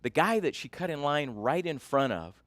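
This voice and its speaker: A male keynote speaker with a bright, ringing voice, pitched a little above the usual for a man. He tells his story in an animated way and keeps asking the audience questions. The sound is close and dry, with no room around it. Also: normal speed, no echo.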